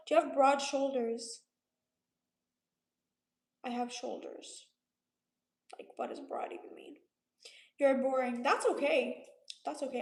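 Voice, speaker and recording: A woman's voice: high-pitched, reverberant. A woman in her late twenties from Romania, casually chatting on a livestream, reading out viewer comments and answering them in a laid-back way. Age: 20s. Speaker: livestream host.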